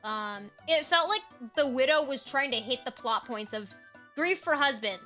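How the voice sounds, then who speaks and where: Chatty, bright-voiced young woman streamer. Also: high-pitched, lively intonation, normal speed, faint music behind. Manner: chatty, laughs often, rambling with fillers. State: hoarse, tired. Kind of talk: casual chat recapping a role-play game.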